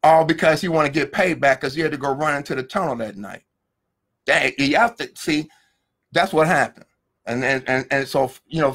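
On a live video feed picked up by a phone or webcam, a middle-aged law professor rants angrily and profanely, firing off rhetorical questions and repeating words. His voice is a little high, with a fairly bright tone.

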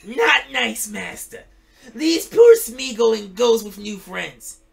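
A man doing a shrill hissing wretched creature. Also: big pitch swings, slow pace, creaky, faint music behind, heavily acted. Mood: whining.

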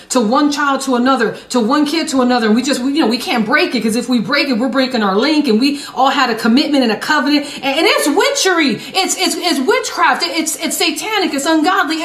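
A woman evangelist preaching a fervent broadcast sermon, repeating phrases, restarting words and rising to shouts. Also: high-pitched, fairly quick, few pauses, roomy sound.

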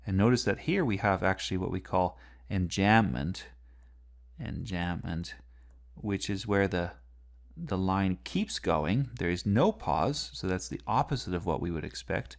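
A man's voice: low voice, expressive, a little slow. A man teaching literature, explaining a poem line by line and asking the listener rhetorical questions.

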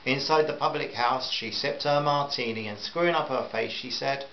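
Man reading a novel in an echoey room. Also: mid-range voice. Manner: measured, with occasional stumbles. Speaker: audiobook narrator. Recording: roomy, slightly dull, faint hiss.

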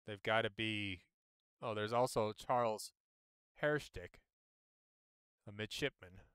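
A man streaming a game, chatting and thinking aloud as he plays, with sudden jumps in pitch when excited. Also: slow, clear, resonant tone. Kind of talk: casual gameplay commentary.

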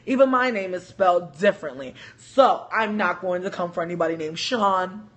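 New lady ranting on a stream, crisp bright voice, cussing n joking. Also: on the low side, moderate pace. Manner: animated, profane, joking storyteller. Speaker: livestream host. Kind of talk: casual storytelling livestream.

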